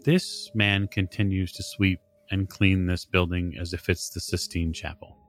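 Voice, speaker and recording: A man narrating as game master of a tabletop role-playing game, describing scenes in an unhurried, descriptive way with many fillers. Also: low-pitched, little pitch movement, faint music behind.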